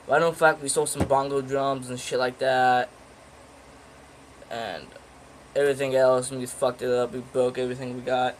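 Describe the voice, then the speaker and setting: A man's voice: medium pitch, level tone, normal speed, slight background noise, low-quality recording. A teenage guy casually telling a story in a rambling, profane way, full of fillers and restarts. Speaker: vlogger.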